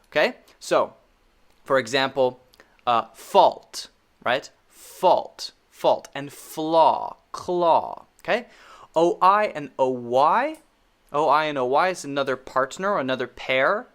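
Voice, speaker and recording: A man with an American accent teaching a pronunciation lesson, drilling vowel sounds slowly and repeating each one. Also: medium pitch, expressive, fairly bright tone.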